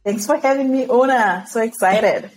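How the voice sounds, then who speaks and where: A woman from Zimbabwe, a podcast guest, telling her story in an animated way and laughing often. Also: on the high side, normal speed, faint music behind, poor audio.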